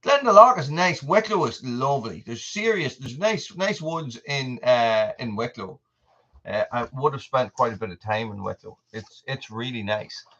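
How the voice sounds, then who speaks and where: A man's voice: medium pitch, lively intonation, normal speed, a bit bright, dull audio. An Irish man hosting a casual livestream, rambling from point to point and answering viewers' comments by name. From Ireland. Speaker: channel host.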